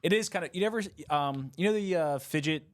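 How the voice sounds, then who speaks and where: A man's voice: on the high side, fairly quick. A young man co-hosting a casual podcast, rambling with many fillers and laughs. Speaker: podcast co-host.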